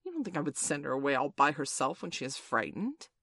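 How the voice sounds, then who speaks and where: A proud boy leader who speaks stiffly and plainly, as a woman reader puts him on. The voice is low and set close in a dry, dead room, the tone of a storybook reading. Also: sing-song, quick pace, gravelly, bright, forceful tone, dry recording, exaggerated voice. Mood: matter-of-fact. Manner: stiff, matter-of-fact explaining.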